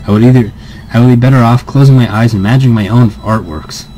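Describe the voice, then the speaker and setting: A man's voice: medium pitch, quick pace, mellow, poor audio. A young man hosting a game playthrough, reading the story text aloud with drama and breaking into giggly, rambling asides. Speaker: let's-play host reading game text. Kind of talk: reading a visual novel aloud with chatty asides.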